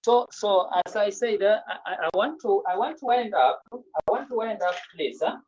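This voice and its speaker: With lively intonation and a mid-range voice, a woman teaches a French class slowly, repeating herself and frequently making sure students understand. The lo-fi recording sounds dull, with a noisy background.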